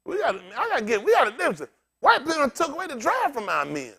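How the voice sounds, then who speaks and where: This man speaks fast in a very high voice with some vocal fry. He's a bald, older pastor delivering a funny, conversational sermon, animated and cracking jokes as he talks straight to his congregation.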